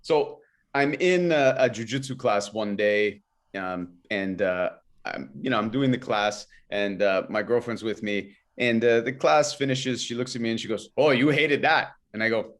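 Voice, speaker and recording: Animated man telling stories on a podcast. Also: on the low side, normal speed. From Canada. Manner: animated, acts out his own inner voice. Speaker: podcast guest, kettlebell coach. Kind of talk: casual interview storytelling.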